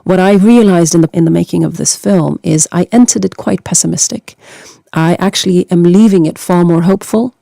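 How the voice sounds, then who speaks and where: A woman from Norway speaks as a documentary filmmaker in an interview, with a gravelly, dark tone. Her answers are measured and reflective. The sound is dry and close. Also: fairly low pitch, no echo. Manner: measured, reflective, with some stammered restarts.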